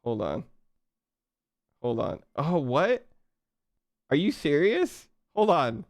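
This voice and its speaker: A young man hosting a live stream, thanking viewers in an excitable way, laughing and stumbling over his words, out of breath. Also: on the high side, takes it slowly, dry recording, studio quality. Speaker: livestream host.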